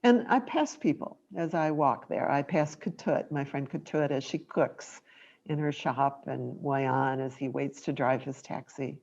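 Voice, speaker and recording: A woman meditation teacher giving a gentle, reflective dharma talk at an unhurried pace. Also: a bass voice, gravelly, muffled recording.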